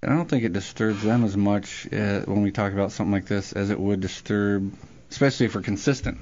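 A man co-hosting a talk radio show, talking in an animated, opinionated way. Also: lowish voice, fast, dull audio. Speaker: radio co-host.

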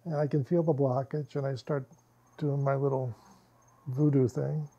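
With a medium-pitched, slightly rough voice at normal speed, this workshop presenter tells a small group stories in a relaxed, lively manner. He often laughs and acts out the lines he quotes, though the audio is dull.

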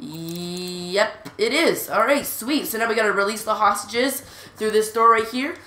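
A woman hosting a gaming channel, giving live gameplay commentary in an excitable way, repeating urgent exclamations and often stammering. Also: medium pitch, measured pace, echoey room.

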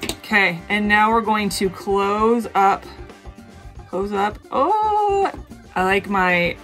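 A woman's voice: mid-range voice, takes it slowly, soft background music. Bubbly woman chatting through a craft tutorial. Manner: bubbly, chatty, gushing excitement. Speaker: jewelry-making video host.

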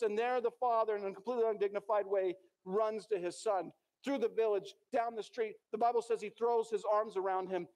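A man's voice: high voice, a little mellow. A male pastor preaching a sermon in a church, telling a story dramatically and acting out the characters' lines.

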